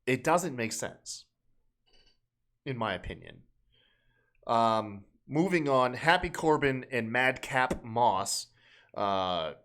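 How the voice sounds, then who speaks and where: A man's voice: medium pitch, fairly bright tone. A man co-hosting a wrestling podcast, talking casually with loose, profane, sarcastic remarks. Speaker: podcast co-host.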